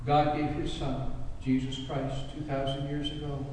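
A man's voice: on the high side, little pitch movement, a little slow, hardly any pauses, a little mellow, a little hiss or hum. A male preacher telling a story in a dramatic, emphatic sermon. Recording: echoey hall, distant mic.

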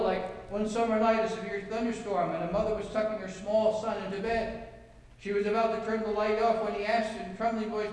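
High-voiced preacher in an echoey hall. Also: male voice. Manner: preaching with scripture readings, anecdotes and rhetorical questions. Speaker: pastor. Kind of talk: sermon. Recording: echoey hall, mic from far off.

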